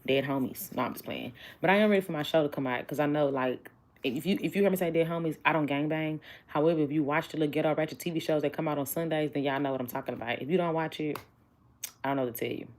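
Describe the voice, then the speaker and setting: A woman's voice: low voice, very fast, a little mellow. A chatty woman doing a casual tarot reading, blunt and joking with her viewers. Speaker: tarot reader.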